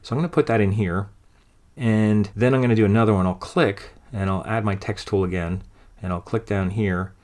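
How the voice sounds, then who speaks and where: Low-voiced man walking through a tutorial. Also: a little fast. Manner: relaxed, thinking aloud step by step. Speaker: design instructor. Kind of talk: screen-recorded software tutorial.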